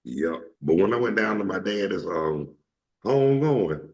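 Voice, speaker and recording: A man's voice: low-pitched, big pitch swings, a little slow, a little mellow. A man from Atlanta with a Georgia Southern accent, hosting a casual chat and telling stories. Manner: storytelling, repeats himself, acts out quotes. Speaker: host.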